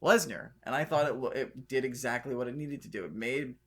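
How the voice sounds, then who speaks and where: A man co-hosting a podcast in casual chat, talking fast and acting out quotes in an animated way. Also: medium pitch. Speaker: podcast co-host.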